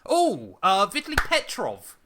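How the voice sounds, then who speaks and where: A man's voice: high-pitched, huge pitch swings, a little slow, noisy background. A young man co-hosting a casual podcast, thinking aloud with lots of ums while answering a quiz. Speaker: podcast co-host. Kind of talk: casual chat.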